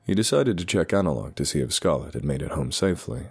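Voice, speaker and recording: A man narrating a horror story with expressive storytelling. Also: sits low, fast talker, creaky, breathy edge. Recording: dark music underneath.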